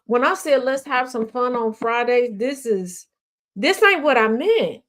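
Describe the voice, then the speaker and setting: A woman's voice: fairly high pitch, expressive, unhurried, a bit bright. A woman hosting a casual news show and commenting on social media gossip in a sassy, blunt, slang-heavy way. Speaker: host.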